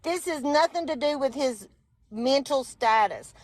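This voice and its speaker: A woman's voice: high-pitched, animated, unhurried, slight background noise. A woman in her forties or older, a guest on a political livestream, talking in a passionate, exasperated way and correcting herself as she goes. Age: 40s or older.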